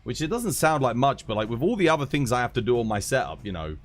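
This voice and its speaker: A man's voice: medium pitch, big pitch swings, fast, slight background noise. A British man hosting his own live stream, chatting casually, laughing and swearing freely from his home streaming setup.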